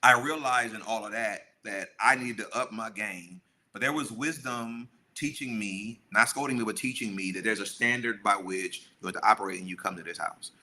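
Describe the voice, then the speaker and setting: Bright-voiced man telling a story. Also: lowish voice, moderate pace. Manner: animated storyteller acting out quotes. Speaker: podcast co-host. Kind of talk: storytelling casual chat.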